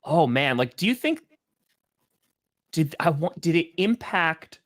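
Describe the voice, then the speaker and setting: A man's voice: fairly high pitch, very animated, slow pace. A man co-hosting a casual sports podcast, laughing often and trailing off into restarts. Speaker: podcast co-host.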